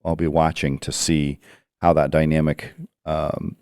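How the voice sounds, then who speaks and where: Really low mellow voice, podcast host guy, lots of uhs and ums. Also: level tone, clear, resonant tone, no room sound, studio quality. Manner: halting, with many uhs and restarts. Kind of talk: interview questions.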